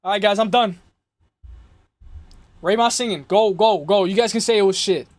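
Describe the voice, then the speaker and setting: A man's voice: high voice, moderate pace, faint music behind. A young man hosting a casual livestream chat with slangy, rambling talk, his voice a little worn out, constantly repeating "guys". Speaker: livestream host.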